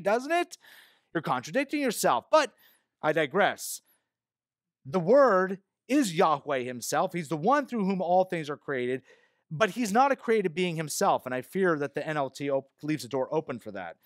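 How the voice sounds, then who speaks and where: Man, pastor, sermon: fairly high voice, close dry sound, earnest with wry asides. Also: sing-song, fairly quick, no room sound. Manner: earnest preaching with self-deprecating asides; hushed, low prayer voice. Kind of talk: expository sermon. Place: church sanctuary.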